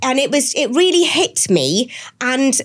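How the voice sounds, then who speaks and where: A Welsh woman in her forties, a podcast guest, chatting in an animated way and gasping as she tells her stories. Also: high voice, measured pace. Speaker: celebrity guest. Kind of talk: casual chat.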